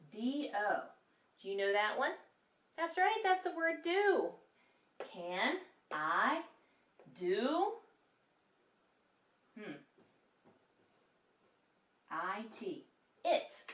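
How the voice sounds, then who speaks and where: A woman teaching a kindergarten lesson to young children in an animated, sing-song voice, recorded in a classroom. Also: mid-range voice, recorded from a distance. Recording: echoey room, mic set back.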